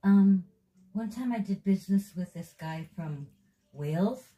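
A woman's voice: mid-range voice, animated, unhurried, dark tone, poor audio. A Japanese woman with a Japanese accent, chatting casually and teasing in a playful way. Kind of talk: casual chat.

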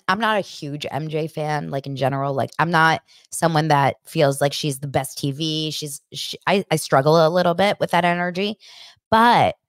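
A woman in her thirties hosting a podcast, chatting casually and excitedly as she retells scenes and acts out people's lines. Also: low-pitched, no room sound, clean studio sound. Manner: excitable, animated retelling with acted-out quotes. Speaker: podcast host. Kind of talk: casual chat recapping reality TV.

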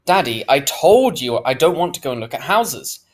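A man's voice: fairly high pitch, very animated, normal speed. A man reading a sulky, sarcastic preteen girl. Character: grumpy girl about to start seventh grade.

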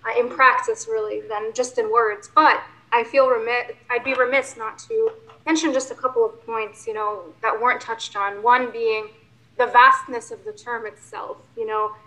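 Woman, board member, unscripted meeting remarks, hesitant with fillers and restarts, bright tone, slightly high pitch. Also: fairly even intonation, normal speed, low-quality recording.

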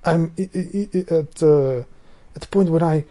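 This vlogger from Albania, a native Albanian speaker, has a mellow, slightly high voice and talks at a normal speed. His casual monologue wanders, full of profanity and sentences he abandons and starts again.

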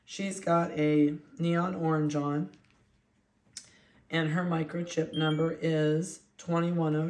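A chatty dog breeder talks easily while handling puppies and slips into cooing baby talk. The voice sits at a mid pitch. The recording has a roomy echo, as if made in an indoor kennel room. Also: darkish tone.

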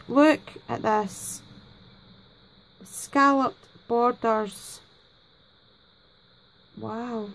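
Speaking at a measured pace, a woman with a high-pitched voice unboxes gifts at her craft desk at home while chatting to the camera. The audio is poor, and her manner is gushing and effusive, packed with exclamations of thanks.

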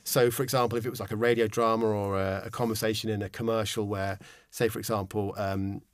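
A man teaching microphone technique in a relaxed, explanatory way, with frequent ums and restarts, recorded on a studio condenser microphone. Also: lowish voice, fast, dry recording. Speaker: instructor. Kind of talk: casual instructional explanation. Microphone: studio condenser microphone with pop shield.

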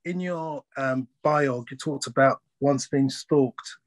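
A man's voice: medium pitch, slow, no echo. Hesitant man hosting an interview. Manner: hesitant, filler-heavy questioning. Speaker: webinar host. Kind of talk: interview questions and chat. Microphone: video call.

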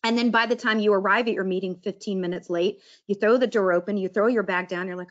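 A woman's voice: medium pitch, fairly even intonation, fast talker, hardly any pauses, highs cut off. Chatty woman teaching mindfulness. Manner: chatty, acts out quoted inner voices. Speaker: wellness presenter. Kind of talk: casual presentation on mindfulness.

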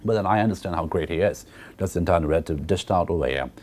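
Deep-voiced man giving a literature lecture. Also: fast talker, a little mellow. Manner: explanatory, checks in with "okay" and "right"; hesitant fillers and repeated words. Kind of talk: recorded university lecture.

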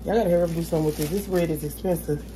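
A woman with a fairly low, dark-toned voice speaks rapid-fire with fairly even intonation, over slight background noise. In her casual cooking vlog, she chats directly to viewers while making dinner in her home kitchen, calling them "y'all" again and again.

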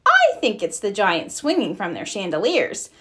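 A woman's voice: mid-range voice, huge pitch swings, normal speed, bright, forceful tone. A woman voicing a fearless young fox who loves wild weather, in a storybook read-aloud. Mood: excited.

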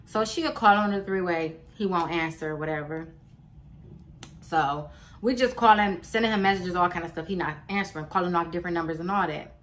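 A woman telling a casual storytime on her channel, blunt and animated, swearing freely and acting out what everyone said. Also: on the low side, brisk. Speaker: vlogger.

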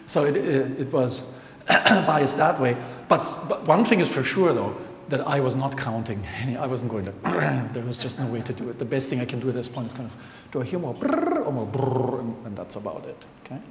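A man's voice: mid-range voice, brisk. A chatty man speaks to a live audience from a lecture hall, often laughing and counting aloud as he explains. His voice rings through the room's long reverb, with a faint hiss underneath. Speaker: scientist presenter. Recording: echoey hall with faint noise.

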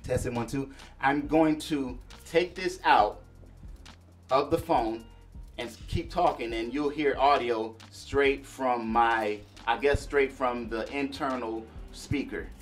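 A man casually demonstrating and reviewing a small audio mixer for his viewers, chatty and relaxed. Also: mid-range voice, slow, soft background music. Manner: laid-back, chatty, addresses viewers as y'all and man. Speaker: gear reviewer. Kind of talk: casual product demo vlog.

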